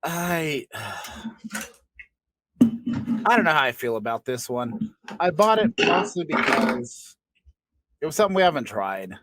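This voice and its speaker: A man's voice: a little high, big pitch swings, a little slow, long pauses, fairly bright tone, slight background noise. A man co-hosting a comedy podcast, spinning absurd made-up stories in a playful, joking way. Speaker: podcast co-host.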